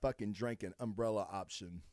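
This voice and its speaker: A man's voice: lowish voice, a little fast, darkish tone, no echo, clean studio sound. A man with a Southern US accent, hosting a podcast as casual chat, rambling and swearing a lot with crude jokes. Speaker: podcast host.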